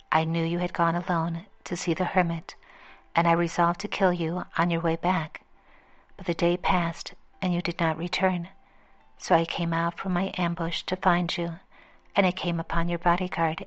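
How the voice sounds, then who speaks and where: A weak, pleading wounded man, read by a woman storyteller. The voice is lowish and held to a flat, narrow line. The recording sounds dull and lo-fi. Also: lightly acted. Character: wounded bearded man, repentant former enemy.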